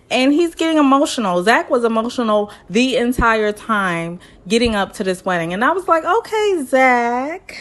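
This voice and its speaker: A woman chatting through a reality TV episode recap, acting out what the people on screen said in other voices. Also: mid-range voice. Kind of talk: casual recap vlog.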